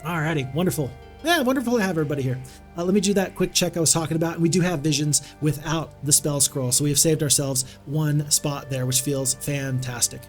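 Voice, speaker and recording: A man's voice: a little high, brisk, soft background music. A man streaming a strategy game live, giving upbeat commentary as he thinks aloud and greets his chat.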